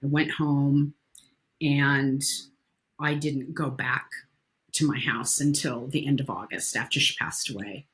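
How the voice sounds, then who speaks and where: Low-voiced woman, candid guest. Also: fairly even intonation, a little slow, fairly bright tone. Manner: candid, blunt storyteller who swears casually. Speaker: podcast guest. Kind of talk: casual interview chat.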